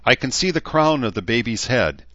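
A man's voice: medium pitch, animated, normal speed, sharp tone, no echo, highs cut off, pitched above the performer's own voice. A man doing an urgent young midwife. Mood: coaching. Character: young woman acting as midwife, urgent and encouraging.

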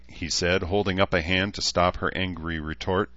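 Low-voiced male audiobook narrator. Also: fairly even intonation, normal speed, hardly any pauses, sharp tone, dry recording, muffled recording. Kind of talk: scripted narration.

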